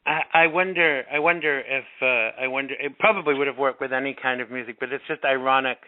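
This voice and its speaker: A man's voice: mid-range voice, fairly even intonation, fast, no room sound. A man hosting a talk radio show, easygoing and joking, stumbling and restarting as he goes. His voice sits mid-range, and the sound is dry and squeezed thin like a phone call. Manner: hesitant, lots of restarts, jokey. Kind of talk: casual talk-radio chat.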